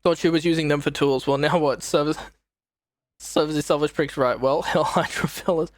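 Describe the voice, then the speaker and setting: A woman's voice: low voice, moderate pace, no room sound, clean studio sound. A young woman streaming, giving casual, profane and exasperated reaction commentary on a show. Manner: exasperated, profane, animated retelling.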